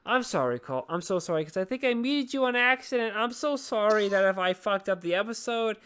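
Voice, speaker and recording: A drunk woman rambles through a casual podcast chat, swearing freely and apologizing again and again. Her voice is smooth and clear at an ordinary middle pitch. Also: lively intonation, fairly quick, hardly any pauses, a bit bright. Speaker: podcast host.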